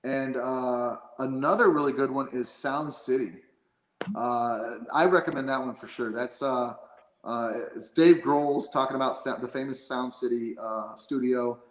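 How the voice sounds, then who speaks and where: A man's voice: mid-range voice, steady tone, a little slow, reverberant, poor audio. A man chatting casually as a guest, rambling with lots of fillers and restarts. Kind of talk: casual chat.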